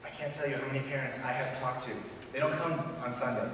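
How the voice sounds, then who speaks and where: A man preaching a sermon as pastor, earnest and emphatic, repeating key phrases and swinging between loud and hushed delivery. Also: mid-range voice, steady tone, quick pace. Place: church sanctuary. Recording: echoey church hall from far off, faint room noise.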